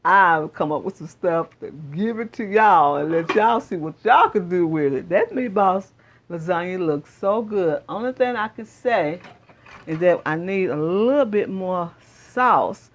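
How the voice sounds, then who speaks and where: A woman's voice: fairly low pitch, lively intonation, measured pace, dull audio. A woman hosting her own cooking channel in her home kitchen, chatting straight to viewers and repeating her praise as she cooks. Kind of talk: casual cooking demonstration.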